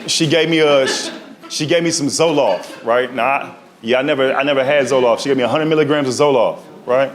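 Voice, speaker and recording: Slangy stand-up comic working a laughing crowd. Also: male voice, medium pitch, a little fast. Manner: loose, slangy storytelling with frequent tag questions. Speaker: stand-up comedian. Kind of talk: stand-up comedy set. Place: comedy stage before a live audience. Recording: live audience laughter.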